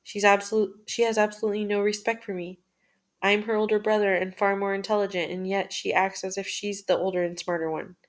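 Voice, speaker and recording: Sex: woman. Style: measured journal reading. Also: medium pitch. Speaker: channel host reading a journal aloud. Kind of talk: first-person journal reading.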